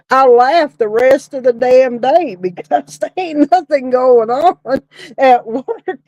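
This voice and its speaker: Woman, middle-aged, slow drawling storyteller, laughs constantly, casual cussing. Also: high-pitched, a little mellow, no echo, muffled recording. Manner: laughs often while telling a story, swears casually. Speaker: podcast co-host, former funeral director.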